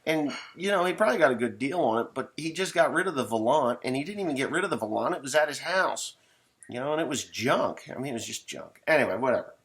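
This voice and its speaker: A man's voice: medium pitch, lively intonation, fast, a bit bright. A middle-aged man, a farmer, telling a rambling, folksy story in casual talk, swearing now and then.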